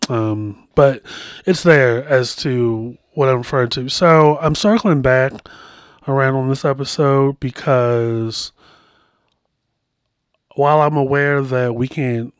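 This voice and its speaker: Man, podcast host, casual rambling commentary, mid-pitched voice, dry close sound. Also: slow pace, smooth, dry recording. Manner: chatty and rambling, full of asides.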